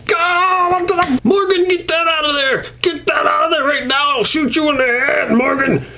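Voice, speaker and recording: A man voicing a hysterical male action-figure survivor in a comedic toy skit, yelling in frantic outrage. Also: very high-pitched, steady tone, moderate pace, creaky, pitched above the performer's own voice, heavily acted. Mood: shrieking panic.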